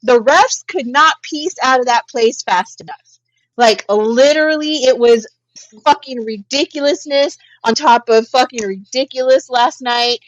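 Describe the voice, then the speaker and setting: A fairly high-pitched woman co-hosts a casual pop culture podcast. She tells the story in an animated way, swearing freely. Her voice sounds close and dry. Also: measured pace, no room sound, lo-fi sound. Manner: animated, profane storytelling with frequent laughs. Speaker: podcast co-host.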